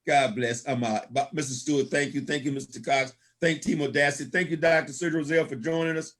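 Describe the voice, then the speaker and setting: A man's voice: mid-range voice, fairly even intonation, fairly quick, few pauses, fairly bright tone. A man giving a motivational storytelling talk at a business event, laughing often and calling out praise in a folksy, preacher-like way. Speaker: guest speaker at a business opportunity event.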